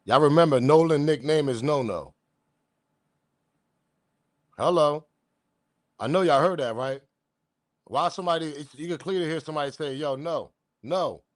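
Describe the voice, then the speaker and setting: A man's voice: a little high, normal speed, long pauses, dry recording, clean studio sound. Blunt, slangy male commentary host. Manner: animated, blunt slang, talks straight to viewers. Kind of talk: casual commentary.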